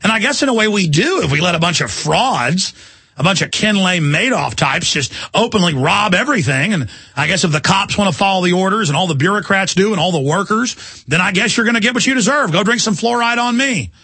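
A man's voice: high voice, animated, brisk, bright, forceful tone, breathy edge, no room sound. A middle-aged man hosting a radio talk show, ranting in a heated, combative way and hurling insults at listeners. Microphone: studio microphone.

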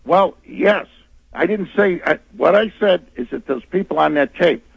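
A man calling in to a radio show, halting and stumbling over his words as he tries to steer the topic. His voice is gravelly and husky. The line sounds dull and dry, like a phone call. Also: sits high, lively intonation, no room sound. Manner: hesitant, halting, full of restarts. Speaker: caller.

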